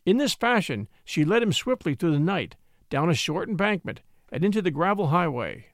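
A man narrating a story in an expressive, measured reading. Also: high-pitched, no room sound, clean studio sound. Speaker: audiobook narrator.

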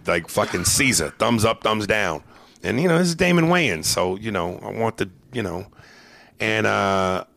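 A comedian hosting his podcast, swearing freely as he tells animated stories. His voice is low and gravelly with a bright, forward edge. The sound is dry and close to the mic. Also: dry recording. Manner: profane, animated storyteller. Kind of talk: casual podcast storytelling.

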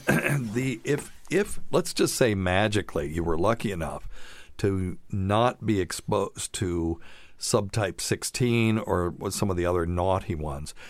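A man's voice: on the low side, unhurried, dry recording. A man hosting a casual live-stream podcast, chatting loosely and joking with chuckles. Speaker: podcast host.

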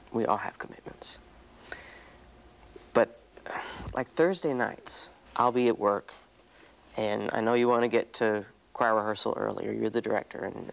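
A man taking part in a couples counseling exercise, speaking haltingly and pleadingly, repeating words as he voices his hurt. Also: fairly low pitch, creaky. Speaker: workshop participant. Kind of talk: emotional confrontation exercise. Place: counseling seminar room.

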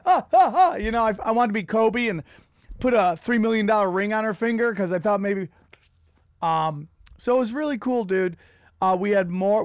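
A middle-aged man hosting a comedy podcast, ranting in a profane, rambling way with loud outbursts. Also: high voice, clean tone, dry recording, studio quality. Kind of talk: casual comedic rant.

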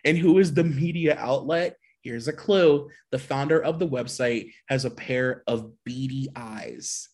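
This male co-host has a mid-range, slightly mellow voice and speaks at a measured pace with few pauses. He chats casually on a podcast, laughs easily, and hams up his mocking reading of gossip blind items.

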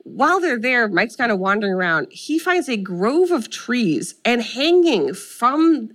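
A young adult woman co-hosting a casual chat, retelling a film with animated storytelling and quoted lines. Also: a little high, a little slow. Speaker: podcast co-host.

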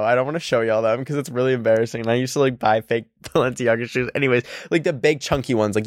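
A man's voice: medium pitch, no room sound, clean studio sound. Rambling, chatty young man. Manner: chatty, rambling, full of "like" and laughs. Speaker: vlogger. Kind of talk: casual storytime. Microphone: handheld microphone.

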